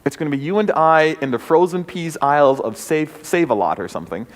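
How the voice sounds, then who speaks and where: A man's voice: a little high, lively intonation, a little fast. A man, a bishop, giving an earnest, reflective talk to a forum audience, with frequent "um"s and small restarts. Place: church forum hall. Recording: long hall reverb.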